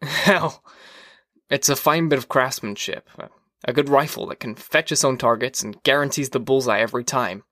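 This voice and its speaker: A man's voice: mid-range voice, moderate pace, fairly bright tone, dry recording, close to an everyday voice. A man voicing a confident, dismissive middle-aged fire captain in an audiobook reading, offhand and mocking.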